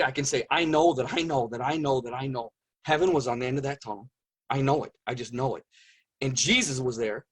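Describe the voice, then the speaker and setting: A middle-aged man earnestly recounting a personal story in an interview, repeating phrases for emphasis and dropping to a hush at intense moments. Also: mid-range voice, breathy edge. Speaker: guest telling his near-death experience.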